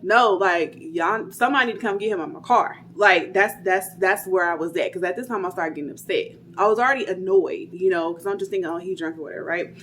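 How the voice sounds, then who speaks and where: A woman's voice: lowish voice, fast, few pauses, a bit bright, a little hiss or hum. A young woman casually telling a personal story, chatty and full of fillers, acting out what people said. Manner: chatty, retells dialogue, many "like" fillers.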